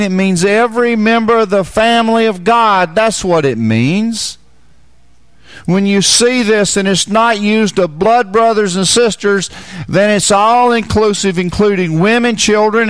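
A man's voice: sits high, smooth, no echo. A man preaching a Bible teaching sermon, repeating key phrases and asking the listeners questions.

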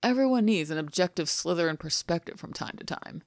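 Woman doing a soft teasing guy in a fanfic audiobook, dry close mic. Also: lowish voice, expressive, fairly quick, no room sound. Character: teasing, fond adult man, a sly charmer. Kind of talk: podfic reading of fan fiction.

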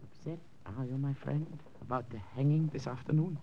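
An actor playing a timid clerk who speaks earnestly and haltingly in a 1940s-style radio drama, on a muffled old recording. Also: male voice, mid-range voice, fairly even intonation, a crowd in the background, close to an everyday voice. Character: timid middle-aged male clerk turning brave. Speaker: administration clerk.

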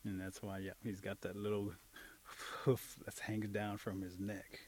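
A man telling an animal folk tale in a relaxed, chatty way with humorous asides. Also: on the low side, normal speed, a little hiss or hum. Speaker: storyteller.

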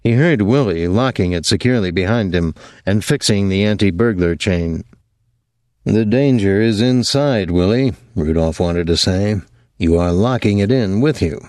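A man narrating an audiobook in a measured, even storytelling voice. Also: lowish voice, dry recording, studio quality. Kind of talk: scripted narration.

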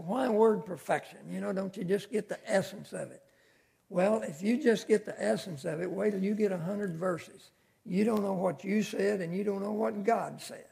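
A man's voice: high-pitched, creaky, a little mellow, husky. An older man teaching a Sunday school class in a folksy, conversational way, with homespun asides. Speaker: Bible teacher.

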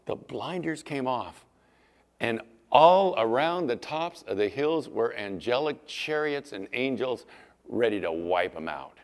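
A man's voice: mid-range voice, animated, a little slow. A man preaching a sermon as pastor, acting out Bible scenes in different voices.

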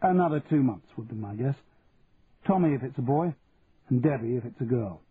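A man's voice: medium pitch, lively intonation, brisk, breathy edge, no echo. A man voicing a cheeky, wry self-made Londoner with a faint Cockney accent. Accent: softened Cockney. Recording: tinny, phone-like audio, faint hiss.

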